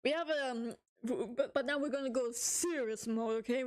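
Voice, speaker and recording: A woman's voice: fairly high pitch, moderate pace, few pauses, a little mellow. A woman streamer reading horror stories to her chat, joking, giggling and swearing a lot.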